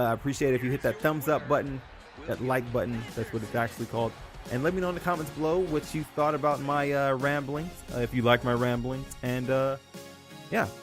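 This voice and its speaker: A young man hosting his own channel, talking in a loose, rambling way, full of fillers and self-corrections. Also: mid-range voice. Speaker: YouTube host. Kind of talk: casual rambling commentary.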